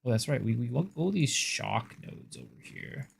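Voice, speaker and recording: A man's voice: medium pitch, huge pitch swings, normal speed, vocal fry, a little hiss or hum. A man streaming a game, casually commenting, joking and answering his viewers as he plays.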